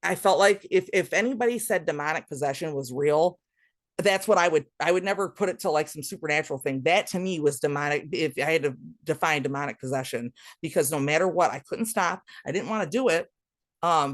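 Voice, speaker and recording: A woman's voice: low-pitched, brisk, no echo. A woman speaking as a podcast guest, telling her recovery story in a raw, blunt way, swearing freely and talking straight to the listeners. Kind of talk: candid storytelling monologue.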